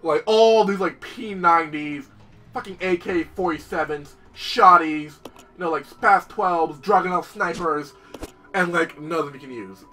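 A young man commentating his gameplay, excitable and profane, talking straight to the game and its characters. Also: a little high, a little slow, far from the mic, faint music behind. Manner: excitable, swears a lot, talks to the game and its characters. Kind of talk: let's play commentary.

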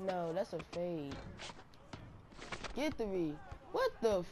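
Trash-talking woman gamer, slow drawl. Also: mid-range voice. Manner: trash-talking, excitable, slangy. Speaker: gaming channel host. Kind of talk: live gameplay commentary. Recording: noisy game audio behind.

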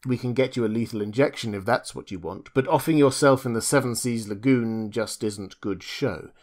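A man's voice: mid-range voice, normal speed, darkish tone, lightly acted. Man playing a wry, unflappable doctor, dry and firm, audiobook reading.

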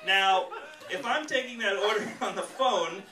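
A male stand-up comedian doing a set on a comedy club stage, animated and jumping into loud character voices, with audience laughter behind him. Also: high-pitched, measured pace, over loud music. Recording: roomy live club sound from a distance.

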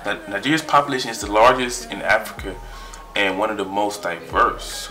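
A young man in his twenties, chatting excitedly in a casual vlog and trailing off as he reads his results aloud. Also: on the low side, brisk, music in the background. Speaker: vlogger.

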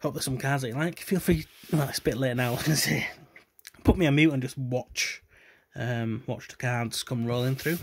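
A man talks casually over a trading card opening, in a subdued, self-deprecating, somewhat droning voice full of little pauses and "um"s. His pitch sits in an ordinary middle range. Faint hiss and the clicks of cards can be heard under him. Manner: subdued, self-deprecating, low-key with trailing hesitations. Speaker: card collector vlogger.

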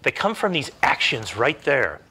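A man's voice: medium pitch, huge pitch swings, moderate pace, pushed and bright, husky. A middle-aged man giving a motivational self-help talk, emphatic and full of rhetorical questions.

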